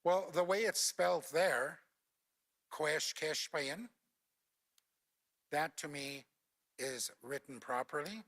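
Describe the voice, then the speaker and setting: A man's voice: on the high side, measured pace, a bit bright. An older man from Alberta, a former Cree teacher, explains language points in a panel talk with patient, instructive anecdotes. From Alberta, Canada.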